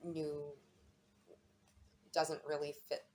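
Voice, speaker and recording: A woman's voice: deep voice, little pitch movement, extremely slow, darkish tone, a little hiss or hum. A woman giving a casual, chatty tarot and astrology reading, often repeating words for emphasis.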